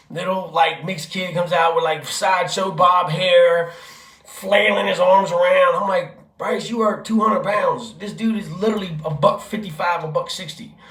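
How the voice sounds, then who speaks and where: A man, a father, telling a family story in a casual vlog, animated and profane, acting out what people said. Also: sits high, echoey room. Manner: animated, profane, acts out quotes. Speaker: vlogger, father.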